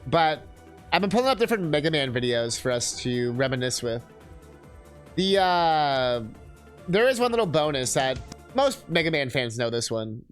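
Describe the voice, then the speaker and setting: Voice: medium pitch, very animated, moderate pace, faint music behind. A streamer giving casual, crude, joking commentary while watching game videos.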